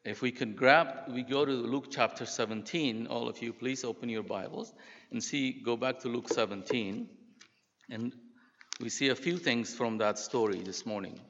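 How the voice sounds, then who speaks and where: Older pastor preaching in an echoing hall. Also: male voice, mid-range voice, fairly bright tone, slight background noise. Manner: earnest, halting with restarts. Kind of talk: sermon. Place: church sanctuary. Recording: dull sound with long hall reverb.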